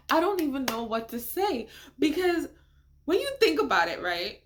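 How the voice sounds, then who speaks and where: A woman hosting a casual reaction video, talking in an animated, incredulous way with frequent laughter and rhetorical questions. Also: high voice, normal speed, slight background noise.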